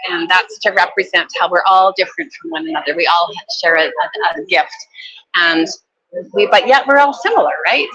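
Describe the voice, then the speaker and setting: A woman from Canada presenting her children's book at a book fair, telling its story in a gentle, earnest way. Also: lowish voice, poor audio.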